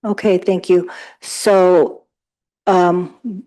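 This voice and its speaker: A woman's voice: on the low side, fairly even intonation, extremely slow, mellow, low-quality recording. A woman chairing a council meeting, briefly calling on speakers by name.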